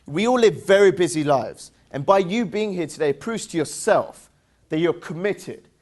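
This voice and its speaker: Male seminar presenter, English accent, high voice; upbeat, playful, works the crowd with call-and-response. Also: expressive, normal speed, a little mellow. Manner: playful, teasing jokes. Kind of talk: interactive motivational seminar talk.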